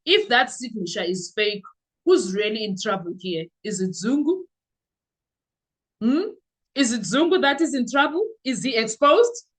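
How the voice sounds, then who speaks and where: A woman's voice: on the high side, unhurried, husky, rough recording. Sarcastic South African woman podcaster. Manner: animated and sarcastic, with rhetorical questions. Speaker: podcast host. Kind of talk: opinionated commentary.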